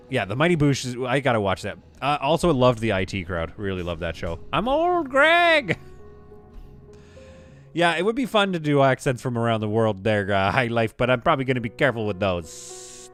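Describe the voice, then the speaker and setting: A man talks through a live game stream in a loose, rambling way and laughs easily. His voice rises and falls a great deal as he wanders from one thought to the next. Soft game music plays quietly underneath. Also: on the low side. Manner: rambling and chatty, laughs often. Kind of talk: casual live gameplay commentary.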